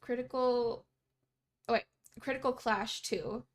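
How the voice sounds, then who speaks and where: A young woman from Canada chats live with her stream viewers as she plays. Her voice sits high and bright, and she giggles often and replies to messages in a bubbly, easygoing way. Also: fairly even intonation, unhurried. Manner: bubbly, giggly, chatty, reads chat aloud. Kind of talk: casual live-stream chat.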